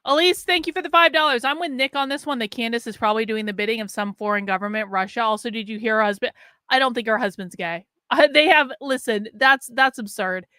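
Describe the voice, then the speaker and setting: Bright, crisp-voiced woman streamer. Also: on the high side, fast talker, dry recording. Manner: chatty, profane, talks to viewers. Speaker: live-stream host. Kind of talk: casual live-stream commentary.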